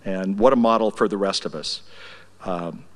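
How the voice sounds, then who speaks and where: An older man speaking at a memorial service in a church, telling wry, affectionate stories that sometimes drop to a soft, emotional tone. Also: low voice, moderate pace. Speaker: eulogy speaker. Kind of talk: memorial tribute speech. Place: church sanctuary. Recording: reverberant church hall.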